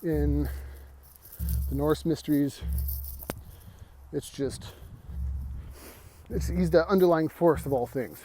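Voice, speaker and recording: A man talks slowly through an esoteric lesson while walking uphill outdoors, a little winded. He halts and restarts his sentences, and his voice sits a touch high for a man. Faint music plays underneath. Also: mellow. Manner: halting, repeats and restarts words. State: slightly out of breath. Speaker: esoteric mystery school teacher. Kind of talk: rambling spoken lesson.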